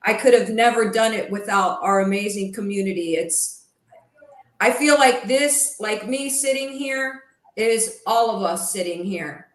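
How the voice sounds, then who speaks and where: A woman in her fifties speaks as a podcast guest, effusive and gushing with gratitude. Her voice sits slightly high, and the recording has a roomy echo. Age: 50s. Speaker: guest, honored sports fan. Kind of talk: casual interview chat.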